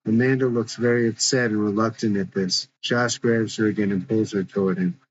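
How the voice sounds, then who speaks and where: A man's voice: fairly low pitch, steady tone, a little fast. A man narrating a story script, reading the stage directions in a plain, matter-of-fact way, in a dull lo-fi recording.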